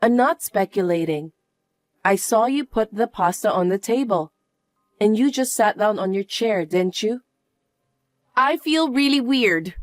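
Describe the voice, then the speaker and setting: A woman's voice: mid-range voice, dry recording, studio quality. A woman voicing an elderly mother-in-law who needs care, speaking plaintively in a narrated family drama. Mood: accusing. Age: older. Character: elderly mother-in-law needing care, meek, then suspicious.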